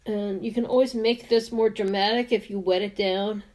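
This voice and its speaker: A woman's voice: medium pitch, fairly even intonation, normal speed, darkish tone. A woman in her fifties chatting casually and laughing often while she does her makeup on camera. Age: 50s. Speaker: beauty vlogger and sales representative.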